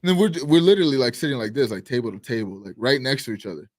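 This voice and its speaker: A man co-hosting a live stream show, telling a story in casual chat, animated and swearing, acting out quotes loudly. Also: medium pitch, rapid-fire, dry recording, studio quality. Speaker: podcast co-host.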